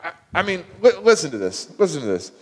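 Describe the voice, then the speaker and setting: A man preaching a sermon as pastor, animated and acting out the quoted voices with rising intensity. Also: on the high side, fast talker, long reverb tail. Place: church sanctuary.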